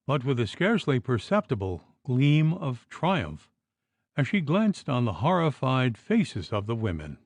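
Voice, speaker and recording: A man narrating an audiobook in expressive, unhurried storytelling. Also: medium pitch, dry recording. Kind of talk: scripted narration.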